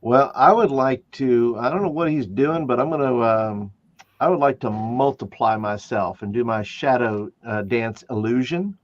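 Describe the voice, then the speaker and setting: A man playing a tabletop game, explaining his moves in a hesitant, halting way. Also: mid-range voice, no echo, highs cut off. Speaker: player.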